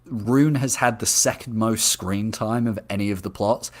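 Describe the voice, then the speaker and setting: This show host is a man whose voice sits on the lower side, moving at a moderate pace. Running a live discussion program, he talks with enthusiasm, reads viewer comments aloud, and frequently stumbles with ums and restarts.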